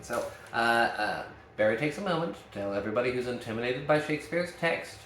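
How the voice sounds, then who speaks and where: A man's voice: medium pitch, slight background noise. A man giving a casual, emphatic lesson on acting. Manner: emphatic, energetic. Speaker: acting teacher. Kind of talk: casual teaching monologue. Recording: echoey room.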